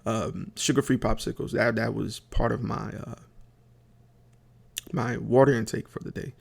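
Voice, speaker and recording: Speaking at a measured pace with fairly even intonation, the podcast host has a husky, creaky mid-range voice. His comic story wanders, packed with fillers and restarts, and he chats directly with those listening.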